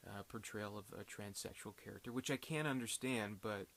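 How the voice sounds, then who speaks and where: A man's voice: lowish voice, fairly quick, a bit bright. A man casually reviewing a film, rambling with many fillers and restarts.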